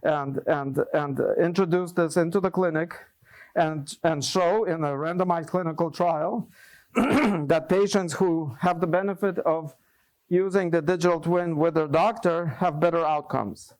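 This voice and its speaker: A man's voice: fairly high pitch, measured pace, darkish tone. A man presenting at a scientific workshop, answering questions thoughtfully with frequent restarts and repeated words.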